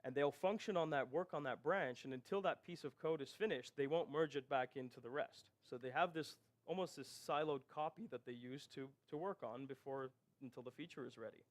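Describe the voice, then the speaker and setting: A man's voice: medium pitch, a little fast, hardly any pauses. A man giving a technical conference presentation, explaining step by step and often checking in with the audience. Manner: explanatory, rhetorical "right?" checks. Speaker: conference speaker.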